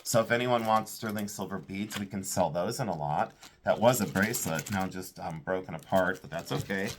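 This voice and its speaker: A man's voice: deep voice, a little fast, a little hiss or hum. A man who sells vintage jewelry, giving casual, enthusiastic commentary as he sorts items and thinks aloud.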